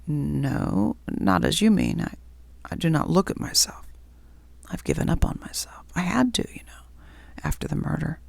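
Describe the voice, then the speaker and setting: Brief: a woman doing a serene bright male spirit, whispered role-play, soft and patient, faint gravel. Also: low voice, wildly swooping pitch, normal speed, dry recording, exaggerated voice. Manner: gentle, patient reassurance.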